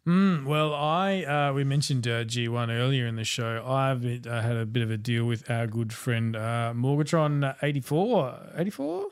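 An Australian man co-hosting a podcast in relaxed, casual chat, often chiming in with short responses. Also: medium pitch, a little slow, hardly any pauses, clean tone. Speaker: podcast co-host.

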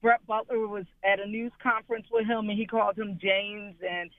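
A man's voice: sits high, level tone, moderate pace, no room sound, narrow, tinny audio. A man co-hosting a sports radio show, telling a story casually and laughing.

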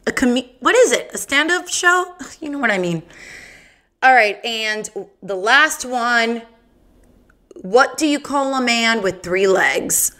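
A woman's voice: on the high side, lively intonation, slow pace, pushed and bright. A woman hosting her own podcast, telling bawdy jokes in a giggly, self-mocking casual chat. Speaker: podcast host.

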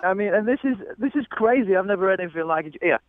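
A man's voice: high voice, lively intonation, rapid-fire, no echo. A man with a London accent, calling in to a radio show and insisting he is genuine, exasperated and defensive. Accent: London English. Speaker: caller. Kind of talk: phone call on a radio show. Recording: muffled phone line with faint noise.

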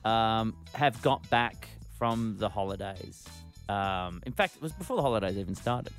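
An Australian man hosting radio, telling stories in lively banter. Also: lowish voice, normal speed, vocal fry, soft background music. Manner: lively storytelling. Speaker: radio host.

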